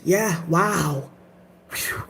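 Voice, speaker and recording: A woman's voice: lowish voice, very slow, creaky, fairly bright tone. A woman vlogger giving a casual, emphatic rant full of profanity. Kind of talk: casual ranting commentary. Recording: echoey room.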